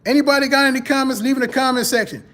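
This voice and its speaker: A man hosting a podcast in casual, conversational faith talk, greeting viewers and repeating his phrases. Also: rapid-fire. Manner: animated, rises in pitch when mocking church talk. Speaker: podcast host.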